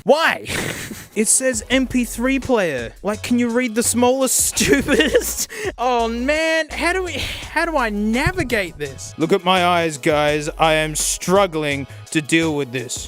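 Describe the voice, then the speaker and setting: Excitable man reviewing a gadget. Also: high voice, slow, soft background music. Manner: excitable and sarcastic, laughs and exclaims often. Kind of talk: casual unboxing vlog.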